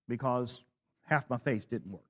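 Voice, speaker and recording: A man in his sixties leads a church class, his voice pitched in the middle range. He talks in a storytelling way and pokes fun at himself as he goes. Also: unhurried, a bit bright. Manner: storytelling with self-deprecating humor. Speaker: preacher.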